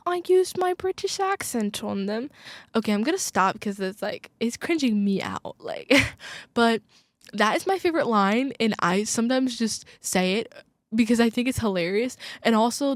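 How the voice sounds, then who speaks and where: A woman's voice: medium pitch, no echo. Gushing young woman, dry studio sound. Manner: gushing, filler-heavy, quick asides. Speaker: podcast host. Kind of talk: casual chat. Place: college radio studio.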